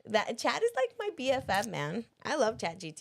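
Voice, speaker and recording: A woman's voice: a little high, wildly swooping pitch, normal speed, gravelly. Playful, teasing woman co-host. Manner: teasing, playful, laughs often. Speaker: podcast co-host. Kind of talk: casual chat.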